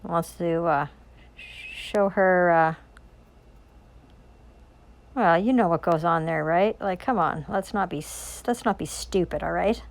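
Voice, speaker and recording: A woman's voice: fairly low pitch, slow, gravelly, long pauses. A woman speaking in a rambling, intense monologue about scripture. She swears often and keeps asking rhetorical questions. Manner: intense, profane, preachy with frequent rhetorical questions. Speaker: self-styled religious preacher.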